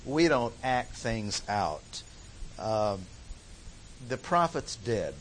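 A man's voice: fairly low pitch, sing-song, very slow, slight background noise, low-quality recording. A man teaching a Bible study lecture in an emphatic way, repeating key phrases for stress.

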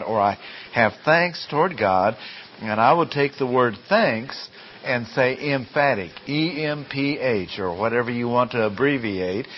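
A man teaching Greek grammar from the Bible in a classroom lecture, deliberate and full of rhetorical questions. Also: medium pitch, slight background noise. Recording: dull lo-fi classroom recording.

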